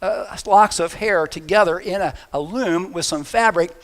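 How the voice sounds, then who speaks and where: A man's voice: high voice, normal speed, natural voice. A male preacher voicing a strong young man who plays along in a teasing, offhand way, in his own voice. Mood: playful.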